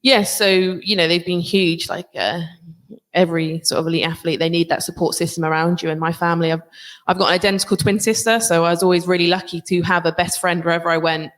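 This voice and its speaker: A woman's voice: lowish voice, steady tone, fast talker. A woman rugby player and coach answering panel questions in a chatty way, with many fillers and restarts.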